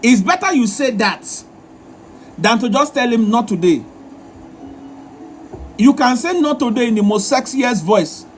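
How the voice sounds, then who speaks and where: A man's voice: extremely high pitch, lively intonation, moderate pace, a little hiss or hum. A man hosting a live relationship advice session, talking in a repetitive, emphatic, lecturing way. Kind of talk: live-stream advice talk.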